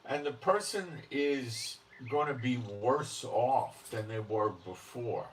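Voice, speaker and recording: A man's voice: mid-range voice, fairly bright tone, a little hiss or hum. Blunt, emphatic man preaching at a distance. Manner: blunt and emphatic, often checks in with "okay?". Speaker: religious commentary host. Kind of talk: unscripted religious monologue.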